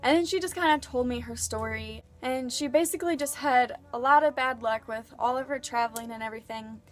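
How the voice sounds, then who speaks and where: A woman's voice: fairly high pitch, brisk. A young woman vlogger telling a personal story in a chatty, earnest way, full of filler words. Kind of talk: casual storytelling.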